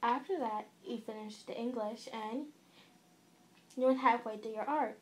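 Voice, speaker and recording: A woman's voice: on the high side, measured pace, a little mellow. A young woman casually narrating a second-person fan-fiction story, with a few slips. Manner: casual, informal reading with small slips.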